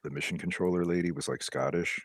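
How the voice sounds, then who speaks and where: A man's voice: deep voice, quick pace, slightly rough, no echo, clean studio sound. A man telling a funny story to fellow players over voice chat, slipping into imitations. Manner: animated anecdote-telling, mimics voices.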